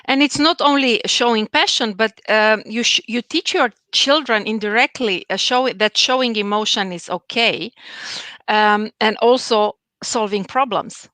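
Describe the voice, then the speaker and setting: A woman hosting a live-stream interview, speaking in a measured, affirming way with frequent fillers over a video call. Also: a little high, bright, forceful tone, dry recording.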